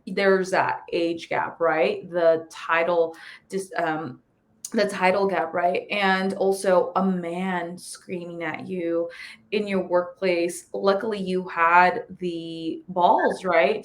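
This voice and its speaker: A woman hosting a casual interview, giving supportive career advice. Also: on the low side. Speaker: podcast host.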